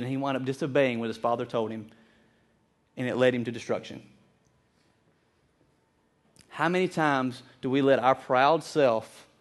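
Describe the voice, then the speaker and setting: A pastor with a medium-pitched voice preaches a sermon to his congregation. He is earnest and animated, often repeating words as he builds his point.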